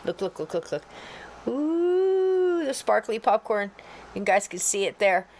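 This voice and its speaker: A woman's voice: medium pitch, normal speed, creaky, poor audio. A chatty woman hosting a casual livestream, joking with her chat and greeting viewers by name. She mutters to herself while she fights with her computer. Faint noise sits underneath her voice. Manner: chatty, talks to herself while fumbling with tech; folksy and jokey, greets viewers warmly by name. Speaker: podcast co-host.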